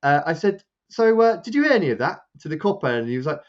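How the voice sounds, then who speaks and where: A man's voice: quick pace, muffled recording. A man, a podcast co-host, rambling through a casual anecdote and acting out what others said. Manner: rambling, animated, acts out quotes with raised pitch. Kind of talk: casual storytelling chat.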